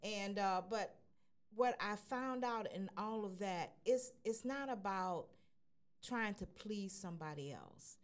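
A woman's voice: mid-range voice, slow pace. A woman speaking earnestly in casual radio chat, sharing a personal story with hesitant fillers.

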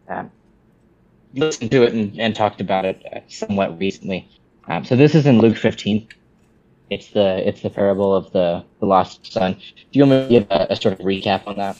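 A man's voice: on the low side, fairly quick, highs cut off. A man co-hosting a casual podcast, talking in a rambling way with many restarts. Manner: rambling, many restarts, animated when quoting. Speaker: podcast co-host.

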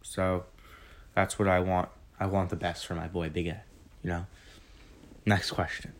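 A man's voice: low voice, little pitch movement, a little slow. A young man in his late teens answering questions in a casual vlog, rambling and correcting himself, recorded on a phone. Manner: rambling, self-correcting, chatty.

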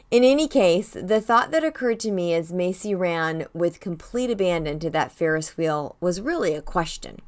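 An older woman hosting a weekly devotional, telling a family story in a gentle, reflective way. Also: lowish voice. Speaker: devotional host. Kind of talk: personal devotional talk.

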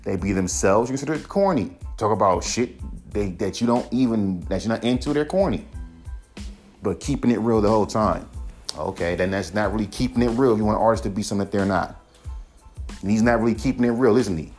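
A man's voice: on the low side, brisk, darkish tone, soft background music. A man hosting a solo podcast, ranting in a heated, profane way and mocking critics. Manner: profane, heated, mocks critics in put-on voices. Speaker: podcast host.

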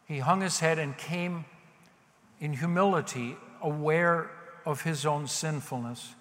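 A male pastor delivers a sermon in a relaxed, conversational way and pokes fun at himself along the way. His voice sits a little high. Long reverb from a large hall trails behind his words. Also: a little slow. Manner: conversational, self-deprecating preaching.

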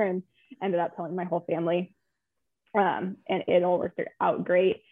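A woman's voice: lowish voice, flat delivery, fairly quick, no echo. Young woman guest, chatty and emotional, dry tinny phone-line sound. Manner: chatty, emotional, lots of fillers. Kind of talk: personal story in a casual interview.

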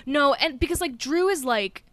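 A woman's voice: high-pitched, expressive, moderate pace, a bit bright, no echo. A woman co-hosting a podcast, chatting casually about a film with lots of fillers and the odd swear word. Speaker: podcast co-host.

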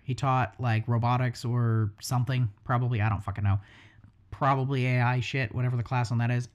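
Rambling, profane tattoo artist chatting. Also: mid-range voice. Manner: rambling and profane, wry asides. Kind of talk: casual podcast chat.

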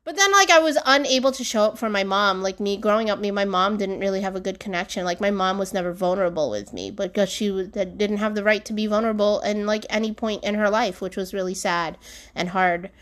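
This young adult woman talks fast, with a mid-range voice and a fairly bright tone. Alone at home, she hosts a solo podcast, chatting candidly and rambling, with lots of fillers and laughter bursting out.

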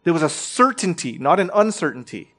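A man's voice: on the high side, lively intonation, a little fast, bright, forceful tone. A man preaching a sermon in a conversational teaching manner, often checking in with his listeners and restarting his phrases.

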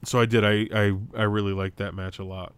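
Young guy with a lowish voice, rambly podcast chat, lots of likes and restarts, dry close sound. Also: level tone, brisk, smooth, no echo. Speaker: podcast co-host. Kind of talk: casual wrestling review chat.

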